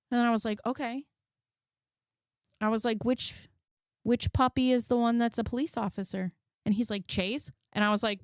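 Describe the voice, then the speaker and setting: A woman's voice: mid-range voice, moderate pace, pauses often, no echo, clean studio sound. A woman in her thirties hosting a casual livestream, chatty and blunt, swearing freely and thanking viewers as she goes. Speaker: livestream commentary host.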